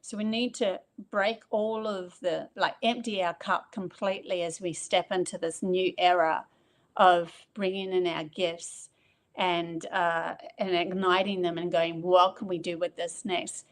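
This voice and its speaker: A woman, a guest telling a spiritual story in conversation and acting out quoted remarks with big jumps in pitch. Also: steady tone, unhurried.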